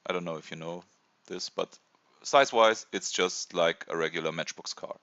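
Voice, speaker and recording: A man in his thirties from Germany with a German accent, hesitantly presenting a casual toy review with many pauses and fillers. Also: sits low, bright, forceful tone, no room sound, muffled recording. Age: 30s. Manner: hesitant, many ums and uhs.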